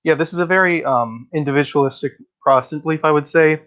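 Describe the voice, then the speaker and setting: A man's voice: fairly high pitch, fast, a bit bright, muffled recording. A man hosting a casual livestream discussion, speaking bluntly and with strong opinions as he reads out comments from the chat. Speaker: livestream host.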